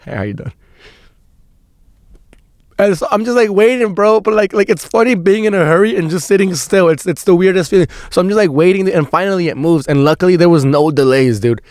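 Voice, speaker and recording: The voice sits high and a little mellow as this young male podcast host talks quickly with few pauses. He tells a rambling story loaded with slang, swearing, and "dude," captured as a dry, clean studio recording.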